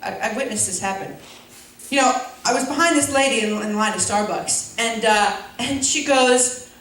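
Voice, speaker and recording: Her voice fairly high and bright at a moderate pace, a young comic does a stand-up set before a laughing crowd in a school auditorium. She meanders through the material with fillers and jabs at herself, captured distantly in an echoey hall with a little hiss or hum.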